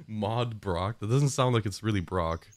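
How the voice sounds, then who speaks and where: A man's voice: lowish voice, lively intonation, slow. A man streaming a game, chatting casually and joking as he reads chat messages aloud.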